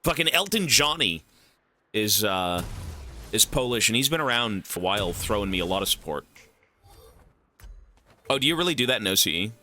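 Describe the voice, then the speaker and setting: A man's voice: fairly low pitch, animated, normal speed, pauses often, bright, forceful tone. A young man chatting with his stream viewers while playing, rambling and swearing as he jokes around. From Canada. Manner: rambling, profane, joking with chat. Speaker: game streamer. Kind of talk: casual stream chat while gaming.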